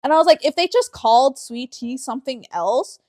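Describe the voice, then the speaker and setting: A woman's voice: high-pitched, animated, a little fast, darkish tone, no room sound, studio quality. A woman from the Southern United States co-hosting a podcast, chatty and profane, rambling with frequent laughs. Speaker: podcast co-host. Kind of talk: casual podcast chat.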